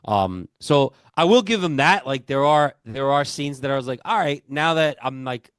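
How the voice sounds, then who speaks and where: A man's voice: medium pitch, animated, moderate pace, a bit bright, clear, resonant tone, no echo. Long Island man chatting casually. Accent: New York, Long Island. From Long Island, New York. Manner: laid-back storytelling, many "like"s and "yeah"s. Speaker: podcast co-host. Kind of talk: casual chat.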